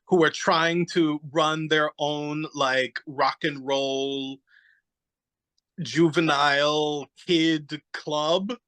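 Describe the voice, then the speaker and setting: A man's voice: a little high, steady tone, extremely slow, fairly bright tone, clear, resonant tone, low-quality recording. A man chatting casually on a podcast, rambling animatedly through a story, searching aloud for names and acting out little quotes. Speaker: podcast guest. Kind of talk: casual chat.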